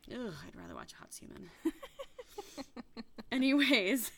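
Woman, podcast co-host, casual chat, giggly, animated. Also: medium pitch, normal speed. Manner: giggly, animated, acts out quoted lines.

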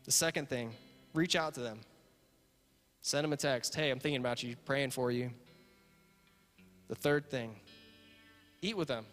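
A pastor delivers a sermon in a church sanctuary, speaking at medium pitch and a measured pace with long pauses. He is earnest and repetitive, builds to emphatic points, and ends in prayer, with soft guitar playing in the reverberant hall.

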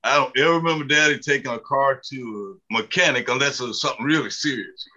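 A man in his seventies from the mountains of the American South is a guest in a storytelling interview, where he's appearing as an author. His mid-range voice comes fast, pushed and bright, over poor audio. He tells folksy, humorous stories full of fillers.

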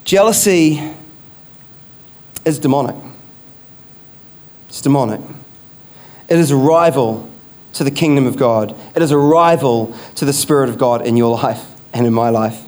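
A man's voice: mid-range voice, unhurried, long pauses, darkish tone. A man preaching a sermon as pastor, emphatic, repeating key phrases and asking rhetorical questions.

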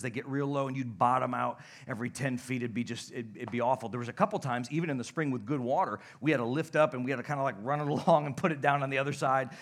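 A young adult male pastor preaching a sermon, telling stories animatedly and dropping to a hush at points. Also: mid-range voice. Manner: animated, shouts and laughs in stories, drops to a hush. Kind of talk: sermon with storytelling. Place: church sanctuary.

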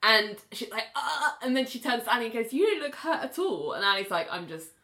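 A woman co-hosting a podcast casually recaps a TV episode, performing the characters' lines as she goes. Her voice is a little high and expressive, fairly quick, with a pushed, bright quality.

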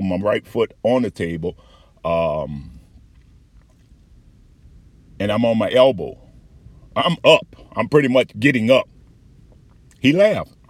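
A man giving a candid, profane personal account with halting restarts and frequent fillers. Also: fairly low pitch, no echo. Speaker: patient recounting an experience.

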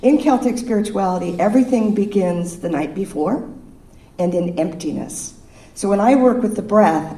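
A woman leads a casual spiritual talk, joking with her listeners and guiding them through breaths. Her voice is mellow and soft-edged. It sounds distant from the mic and rings through a roomy hall. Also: mid-range voice, animated, normal speed. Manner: playful, chatty, laughs with the audience. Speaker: speaker at a spiritual service. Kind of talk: informal sermon with breathing exercises. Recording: echoey room, distant mic.

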